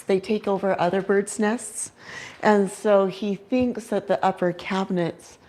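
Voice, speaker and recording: Talking about the owl she keeps, this young channel host sounds a little mellow at a medium pitch. Her livestream chat is relaxed, dotted with giggles and "like" fillers.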